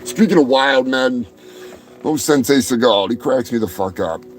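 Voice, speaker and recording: A man hosting a comedy show, ranting in a rambling, profane way that often breaks into shouting. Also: medium pitch, expressive, normal speed, faint music behind. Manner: rambling, shouting, heavy swearing. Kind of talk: profane comic rant.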